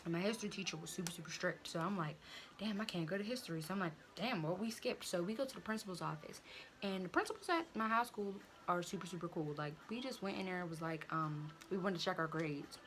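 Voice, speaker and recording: A teenage girl vlogger with a lowish voice talks at a quick pace over a noisy background. She's telling her viewers a casual storytime, chatty and loaded with slang and fillers.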